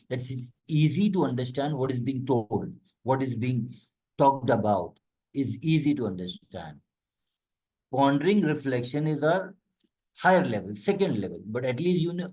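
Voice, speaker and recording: A man giving a conversational religious lecture, explaining Arabic words and quickly reciting verses between plain explanations. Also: medium pitch, mellow, slightly rough, poor audio. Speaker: Islamic lecturer.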